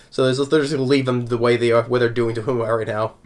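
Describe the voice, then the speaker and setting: A man's voice: medium pitch, steady tone, fairly quick. A man recapping an anime episode in a casual, rambling way, chuckling often between thoughts. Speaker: anime reviewer.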